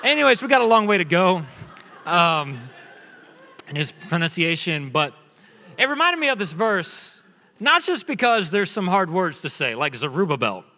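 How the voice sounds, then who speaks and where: A man in his thirties preaching a sermon in a church, telling jokes and family stories in a relaxed way. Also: high voice, moderate pace. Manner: joking storyteller, acts out his son's voice. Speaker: pastor. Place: church auditorium. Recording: long reverb of a large hall.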